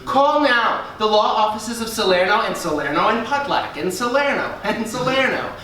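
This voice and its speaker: A man playing an injury lawyer delivering a fast pitch for a television ad. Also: expressive, bright, forceful tone, slight background noise. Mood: salesy. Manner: rapid pitchman patter. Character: sleazy male injury lawyer in a TV ad. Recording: echoey stage from far off.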